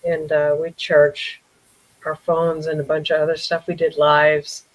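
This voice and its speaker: A woman with a very low voice chats on a live stream with a dry, close sound. She agrees readily and tells short stories from her own life. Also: completely flat delivery, measured pace, dry recording, poor audio. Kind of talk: casual live-stream chat.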